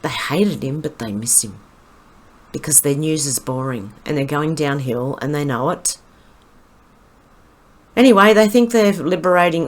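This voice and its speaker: A woman's voice: low voice, animated, a little slow, long pauses. A woman with an Australian accent, commenting on news posts in a casual, scornful way, with frequent ums and restarts. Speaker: commentary vlogger.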